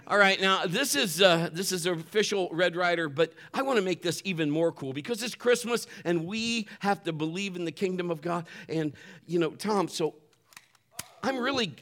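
A pastor giving a loose, chatty sermon in church, full of fillers and restarts. His voice sits a little high and rings bright and forward. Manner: casual, rambling, many fillers.

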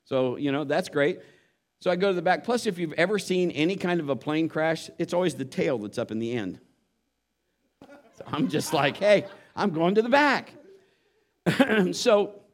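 A man delivering a sermon in a storytelling way. His voice sits a bit high for a man, and he slips in and out of the voices of the people in his story. He moves between relaxed asides and scripture. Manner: animated storyteller acting out voices. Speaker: pastor.

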